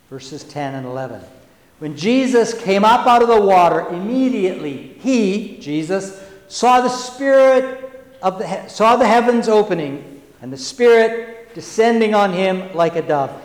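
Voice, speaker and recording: Slow, deliberate preacher in an echoing church. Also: male voice, high-pitched. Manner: slow and deliberate, with emphatic repetitions; conversational asides to the congregation. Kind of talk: sermon. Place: church sanctuary. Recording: roomy church with long reverb.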